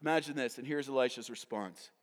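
A man preaching a sermon as pastor, swinging from hushed whispers to loud shouts and acting out characters playfully. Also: medium pitch, a little fast. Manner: dynamic preaching, dropping to whispers and rising to shouts; acts out characters in playful voices. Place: church sanctuary. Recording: long reverb of a large hall.

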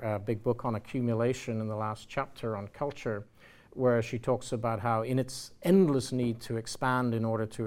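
Male academic lecturer, Irish accent, measured delivery at middle pitch, hesitant fillers. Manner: measured, reads quotations aloud, frequent "uh" and "um".

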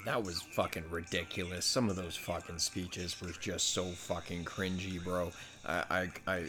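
A man's voice: low-pitched, a bit bright. A man vlogging a casual commentary rant, heated and exasperated, swearing constantly.

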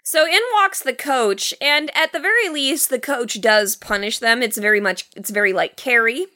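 A woman co-hosts a casual movie podcast, recapping the plot with wry disbelief. Her voice is bright and a little high. She speaks in a relaxed, conversational way. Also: normal speed. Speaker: podcast co-host. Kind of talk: casual movie review chat.

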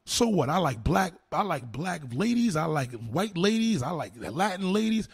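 A man ranting to a live chat as a streamer, loud, heated and profane. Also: on the high side, sing-song, normal speed, vocal fry, breathy edge, no echo, studio quality. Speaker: online streamer.

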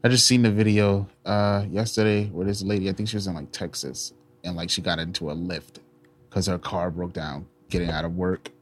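A man's voice: sits low, a little fast. New guy on a podcast, storytelling, acts out what people said. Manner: animated storytelling, acts out quotes. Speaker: podcast co-host. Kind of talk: casual chat.

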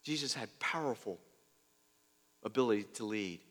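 A man preaching a sermon, telling stories in a lively way, his voice swinging between loud and soft. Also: lowish voice, moderate pace. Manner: lively storytelling, shifts loud and soft, laughs. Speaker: pastor. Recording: long hall reverb.

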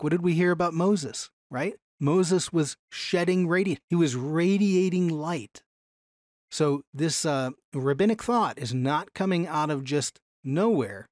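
A man teaching a Bible class from slides in an animated way, slowing down to stress key phrases. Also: a little high, no room sound, studio quality.

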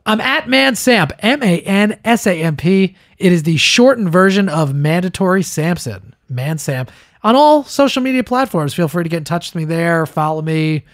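A man's voice: high-pitched, animated, moderate pace, no echo, clean studio sound. A man hosting a podcast, chatting casually and telling jokey stories with his co-host. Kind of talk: casual chat.

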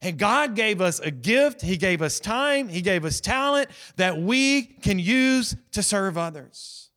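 A male pastor, preaching a sermon and telling the story in a lively, conversational way, acting out the voices of the people in it. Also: sits high, slow pace. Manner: animated storytelling, acts out quoted voices; conversational, addresses the congregation directly.

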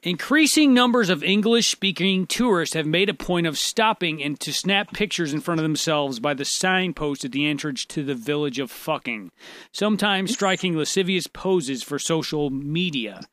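A man's voice: fairly high pitch, animated, normal speed, fairly bright tone, no echo. A man co-hosting a podcast, reading news aloud and joking, laughing and swearing often. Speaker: podcast co-host.

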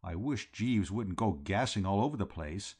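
A man voicing a timid, lovesick young English gentleman who speaks in a flat, hesitant way. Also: on the low side, moderate pace, husky.

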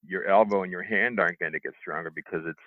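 A middle-aged man telling how he recovered from a stroke, halting, with lots of restarts and fillers. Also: deep voice, dry recording. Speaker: stroke survivor interviewee. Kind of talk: telling his own recovery story. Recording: tinny phone line, dry.

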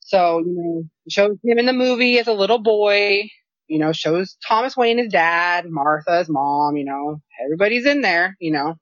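A woman cohosting a casual chat, telling a story with animated, profane exasperation. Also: lowish voice, moderate pace, no room sound. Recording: dry, slightly dull lo-fi sound.

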